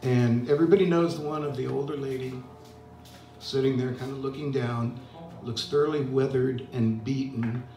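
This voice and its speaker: An older man, an open mic host and singer, chats casually and self-deprecatingly between songs in a medium-pitched, dark voice with fairly even intonation at a moderate pace. The recording is roomy, with a distant mic and guitar behind him.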